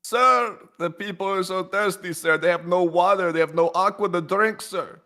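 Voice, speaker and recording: A boastful president blusters through slow, drawn-out lines, as a man plays him. His voice sits high and bright, and his delivery is over the top. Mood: blustering.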